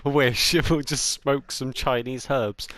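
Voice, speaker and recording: A man's voice: mid-range voice, drawn-out words, a bit bright, dry recording. Chatty young man on a dry headset mic. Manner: chatty, laughs often, talks over others. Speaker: podcast co-host. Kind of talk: casual chat over a voice party. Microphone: headset in an online party.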